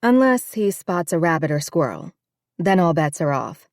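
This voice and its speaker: Woman reader doing a relaxed young woman, lowish, friendly, natural. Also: moderate pace, no room sound, studio quality. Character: young American woman, easygoing dog owner.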